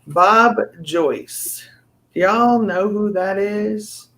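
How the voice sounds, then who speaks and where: A man hosting a live stream in casual chat, excitable and rambling, often restarting his sentences. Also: high-pitched, very slow.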